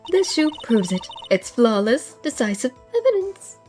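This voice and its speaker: A woman's voice: on the high side, sing-song, unhurried, a little mellow, soft background music, voice pushed up. A woman voicing a sassy, scheming female witness with a smug, teasing manner while reading a courtroom game aloud.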